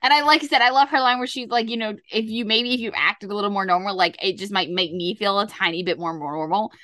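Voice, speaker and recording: A woman's voice: mid-range voice, fast talker, pushed and bright, no echo, studio quality. A young woman co-hosting a podcast, recapping a TV episode in a chatty, casual way, acting out quotes. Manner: chatty, acts out quotes, lots of "like". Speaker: podcast co-host.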